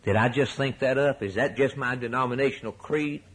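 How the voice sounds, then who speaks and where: A male preacher delivering a sermon with rhetorical repetition, rising to soaring emphatic peaks and dropping to hushed low lines. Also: a little fast, slightly rough, rough recording.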